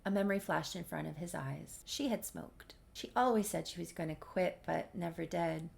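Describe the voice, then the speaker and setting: Woman, casual story narration, wry asides, gravelly texture, low voice. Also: moderate pace, a little mellow.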